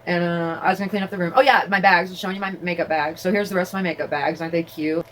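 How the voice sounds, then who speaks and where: Fast-talking, rambling woman vlogger. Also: lowish voice, steady tone, a little hiss or hum, low-quality recording. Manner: chatty, rambling, many fillers and restarts. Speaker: vlogger and crafter. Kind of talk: casual rambling vlog. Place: at home, indoors.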